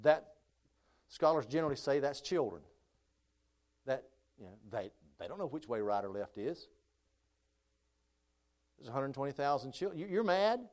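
A man preaching a sermon, moving between calm scripture reading and loud, high, impassioned stretches.

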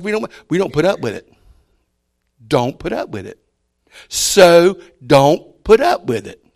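A man delivers a folksy sermon in a slightly high voice. He leans on repeated words and lets his volume rise and fall as he preaches. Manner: folksy, repeats key words, shifts loud to soft.

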